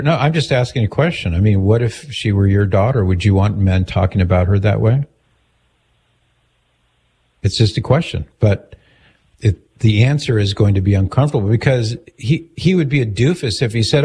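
A man's voice: lowish voice, moderate pace, mellow, husky. A man hosting an advice call-in talk, direct and earnest, acting out the questions he suggests. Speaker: radio host giving advice.

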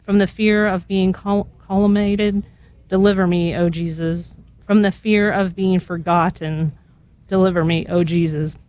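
A woman's voice: lowish voice, steady tone, a little mellow, no room sound. Earnest woman reading a prayer aloud. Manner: earnest, slow and devout, voice catching with emotion. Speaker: radio guest leading prayer.

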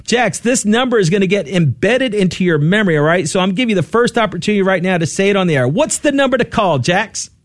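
A man co-hosting a Catholic radio pledge drive, upbeat and steady, slowing down to repeat the donation phone number. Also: high voice, dry recording, studio quality. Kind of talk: radio fundraising appeal.

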